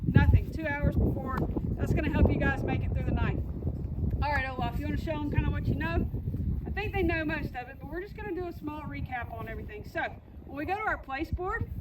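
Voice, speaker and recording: Woman dog trainer with a high voice, reassuring and repetitive, heard from a distance over loud background noise. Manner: reassuring, repeats key points. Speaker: puppy trainer. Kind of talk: instructional dog-training walkthrough.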